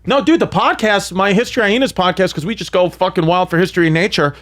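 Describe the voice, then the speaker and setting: A man chatting casually on a podcast, telling stories with shouted impressions. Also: high voice, fast talker. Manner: animated storytelling with loud shouted impressions. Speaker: comedian guest. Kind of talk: casual chat.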